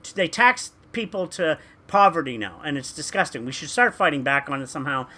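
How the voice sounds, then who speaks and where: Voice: medium pitch, lively intonation, brisk, pushed and bright. A talker, ranting emphatically in casual podcast chat with stumbling restarts. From Canada.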